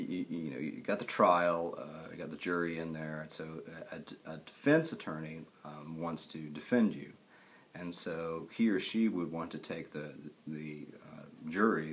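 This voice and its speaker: Male college lecturer, deep voice, loose and rambling, jokes with the class. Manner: rambling, halting, with many fillers and restarts; casual and joking with students.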